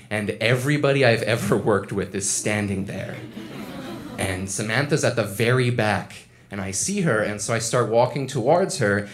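Candid young man telling a personal story. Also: fairly low pitch. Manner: candid, conversational, self-deprecating.

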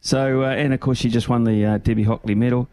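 Relaxed New Zealand radio host. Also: male voice, mid-range voice, fast, clear, resonant tone, no echo. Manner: relaxed, good-humoured, chuckling. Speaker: radio host joining from another region. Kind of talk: casual radio chat.

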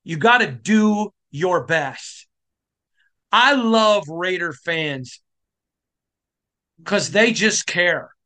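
A middle-aged man from Michigan delivers a sports podcast monologue with fervent conviction. His voice sits high for a man and rings bright and forceful. He hammers short phrases and pushes them up toward a shout. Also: lively intonation, drawn-out words, pauses often. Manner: passionate, emphatic, rising to shouting. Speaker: podcast host.

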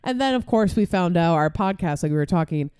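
A woman co-hosting a podcast, telling stories in an animated, casual way, swearing freely and laughing often. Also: fairly low pitch, fairly quick, clean tone. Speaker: podcast co-host. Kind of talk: casual chat.

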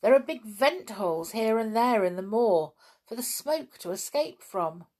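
A woman voicing a kindly grown man who explains things gently and patiently. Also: fairly high pitch, animated, a little slow, pitched above the performer's own voice. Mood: amused.

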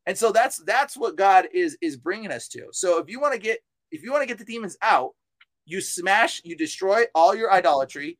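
Here the podcast's exorcist guest sounds expressive at a normal speed, his high voice carrying fervent, insistent preaching that loops over the same ground. He drops casual words like "dude" and "bro", recorded close and dry with no echo.

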